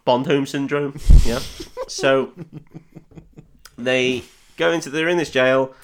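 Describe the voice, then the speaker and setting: A man's voice: medium pitch, fairly even intonation, slow pace, a little hiss or hum. A man hosting a podcast, casually recapping a film with swearing, jokes and mocking voices for the characters. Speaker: podcast host.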